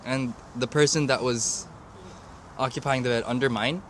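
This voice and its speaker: Relaxed young man telling a story. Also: medium pitch, moderate pace, slight background noise. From Korea. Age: young adult. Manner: relaxed, many fillers like "like". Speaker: university student. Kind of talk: casual storytelling chat. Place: outdoors in a city.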